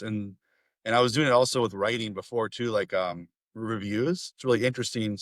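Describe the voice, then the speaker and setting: Animated male podcast host. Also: mid-range voice, no room sound. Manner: animated, laughs often, quick bursts. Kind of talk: casual podcast conversation.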